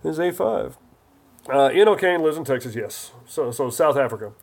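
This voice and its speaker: A man's voice: fairly high pitch, animated, normal speed, gravelly. A man hosting a casual live stream, chatty and jokey as he reads viewer comments aloud.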